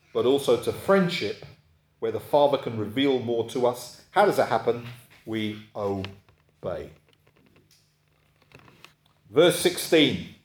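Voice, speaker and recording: A man's voice: mid-range voice, darkish tone. A man preaching a sermon, talking in a conversational way and often checking in with his listeners. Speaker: pastor. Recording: echoey room.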